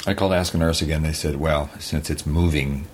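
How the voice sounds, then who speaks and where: Tired podcast co-host, very low voice, dry and self-deprecating, faint hiss behind. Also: male voice, fairly even intonation, a little fast. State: tired, recovering from surgery. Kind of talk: casual podcast chat. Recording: faint background noise.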